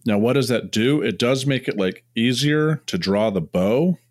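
A man's voice: mid-range voice, expressive, moderate pace, no room sound, clean studio sound. A young man co-hosting a podcast, talking in a rambling, joking way full of fillers. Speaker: podcast co-host. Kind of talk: casual chat.

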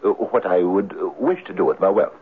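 An actor playing a poor cottager in a 1970s radio drama, earnest and hesitant. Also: male voice, deep voice, fairly quick, breathy edge. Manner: earnest, hesitant, full of uh's. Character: poor Irish cottager wishing for riches. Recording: narrow, tinny old radio broadcast.

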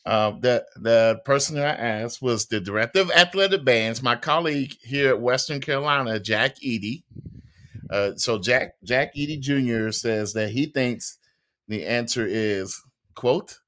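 Band teacher guy on a podcast, bright voice, kinda hesitant, thinks out loud. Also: medium pitch, a little slow. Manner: thinks aloud, hesitant with restarts. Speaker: university band educator. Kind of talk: casual chat.

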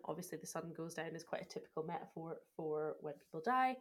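A young woman chatting on a podcast about a film she loves. Her voice sits a little low, and she talks with eager, gushing enthusiasm. She also picks the film apart with careful analysis. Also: quick pace, fairly bright tone. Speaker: podcast co-host. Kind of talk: casual film discussion podcast.

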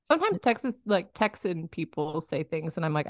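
A young adult woman with a Western New York accent, co-hosting a podcast in a playful, quick, laughing casual chat. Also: lowish voice, lively intonation, no room sound, studio quality. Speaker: podcast co-host.

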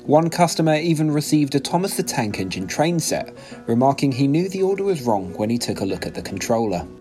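A man hosting a comedy news podcast, reading scripted headlines with deadpan punchlines. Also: mid-range voice, a little fast, soft background music.

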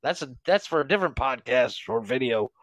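A man's voice: medium pitch, expressive, brisk, a bit bright, no echo. A man co-hosting a podcast, joking loosely, laughing often and swearing freely. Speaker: podcast co-host. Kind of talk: casual banter.

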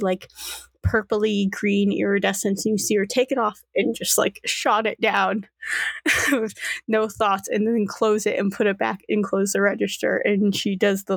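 A woman's voice: mid-range voice, vocal fry, no echo. A young woman narrating a tabletop game as game master, in a loose, casual way full of fillers and swearing.

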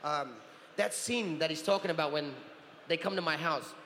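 A man in his forties, a guest on a convention panel, telling stage stories in an animated way, acting out voices and laughing often. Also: fairly high pitch, normal speed. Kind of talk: storytelling Q&A on stage. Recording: roomy hall reverb with faint crowd noise.

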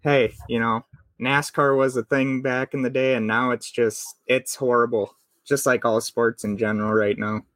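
A man's voice: medium pitch, flat delivery, moderate pace, a bit bright, no room sound. Man in his late twenties, Minnesota accent, dry close sound, rambling host on a video call. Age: 20s. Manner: rambling, many fillers and restarts. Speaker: podcast host. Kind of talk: casual video call interview.

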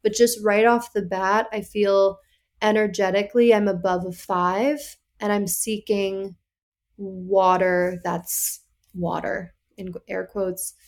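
A woman's voice: medium pitch, slow. A young woman guest on a podcast, talking candidly and playfully, acting out little quotes as she goes. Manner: animated, playful, acts out quoted texts.

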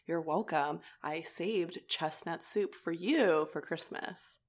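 A young woman co-hosting a casual chat podcast, animated and laughing often, peppering her talk with "like". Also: lowish voice, takes it slowly. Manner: animated, laughing, heavy use of "like". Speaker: podcast co-host.

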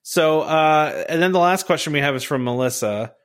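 A man's voice: a little high, moderate pace, smooth. Chatty man hosting a podcast. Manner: chatty, says "right?" and "you know" a lot. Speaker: podcast host. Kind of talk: casual chat.

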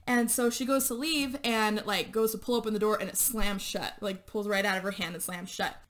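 A woman's voice: mid-range voice, steady tone, brisk, fairly bright tone. A woman co-hosting a podcast, recapping a movie plot in casual chat, rambling along with lots of fillers and laughing as she goes. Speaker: podcast co-host.

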